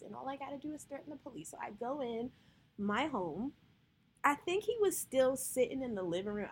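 A woman's voice: on the high side, a little hiss or hum. A woman podcast host telling a personal story in a candid, profane, emotional way.

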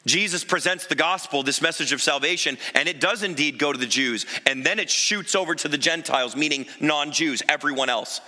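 Bright-voiced male pastor preaching in a reverberant church. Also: fairly high pitch, brisk, hardly any pauses. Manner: animated storytelling with emphatic asides. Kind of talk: sermon. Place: church sanctuary. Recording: long reverb of a large church hall.

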